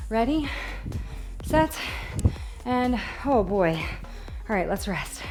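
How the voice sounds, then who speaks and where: A woman's voice: on the high side, very animated, slow, over music. A woman leading a workout as fitness instructor, upbeat and encouraging, counting reps and getting out of breath. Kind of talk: live workout coaching.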